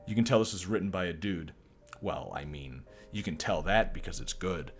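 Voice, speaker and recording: A male streamer with a lowish voice, tossing out jokey, profane asides and laughing often. Faint music plays under him. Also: lively intonation, moderate pace. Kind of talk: casual live-stream commentary.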